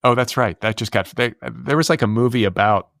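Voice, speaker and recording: A man in his fifties hosting a podcast, chatting casually in a rambling, relaxed way with lots of fillers. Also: mid-range voice, a little fast, creaky, dry recording, studio quality. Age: 50s. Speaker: podcast host. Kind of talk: casual chat.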